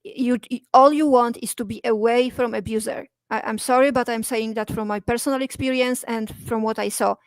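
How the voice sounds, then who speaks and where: A woman's voice: on the high side, fairly even intonation, a little fast, few pauses, no echo. A woman guest in a live chat, talking emphatically with many hesitations and apologies. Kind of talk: casual chat.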